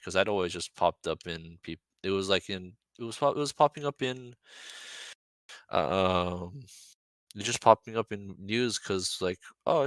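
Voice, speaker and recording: Low-voiced candid male guest. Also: fairly bright tone, dry recording. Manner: candid, rambling, self-deprecating. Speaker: interview guest. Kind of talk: casual interview.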